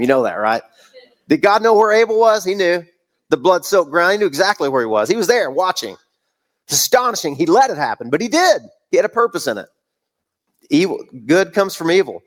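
A man's voice: on the high side, very animated, normal speed. Earnest male preacher with emphatic delivery. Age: adult parent of several kids. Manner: earnest, emphatic, repeats phrases. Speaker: pastor. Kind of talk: sermon.

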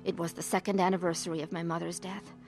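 A woman's voice: lowish voice, level tone, fast talker, darkish tone, faint music behind, close to an everyday voice. A woman as a troubled middle-aged narrator. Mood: somber. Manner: earnest, emotional. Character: troubled woman telling her own story. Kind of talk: radio drama narration and acting.

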